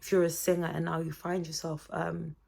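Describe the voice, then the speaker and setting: A young woman vlogging with a low, gravelly voice full of vocal fry. She chats expressively and gives faith-based encouragement. She speaks directly to her viewers in a casual motivational talk. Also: little pitch movement, a little fast, darkish tone.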